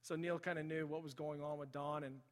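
A man's voice: on the high side, little pitch movement, a little fast. Storytelling male pastor in a reverberant hall. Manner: storytelling, rising to impassioned emphasis. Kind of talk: sermon. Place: church sanctuary.

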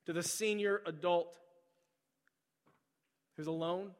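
Pastor preaching in a reverberant sanctuary. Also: male voice, high voice, fairly even intonation, takes it slowly. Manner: storytelling, then soft pleading repetition. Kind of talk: sermon. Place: large church sanctuary. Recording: long hall reverb.

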